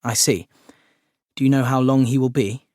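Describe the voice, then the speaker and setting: A man's voice: mid-range voice, steady tone, moderate pace, darkish tone, dry recording, studio quality, natural voice. A man voicing a polite, apologetic young Englishman. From England.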